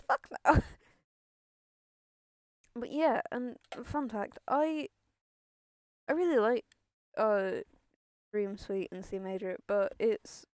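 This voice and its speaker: A woman's voice: on the high side, dry recording. A young woman streaming a game, chatting in a rambling way, swearing and laughing often. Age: young adult. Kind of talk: casual gameplay chatter.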